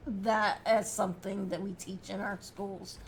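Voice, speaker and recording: A woman's voice: medium pitch, flat delivery, unhurried, gravelly, a loud crowd. A woman co-hosting a casual reaction stream, teasing and playful. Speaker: streamer co-host.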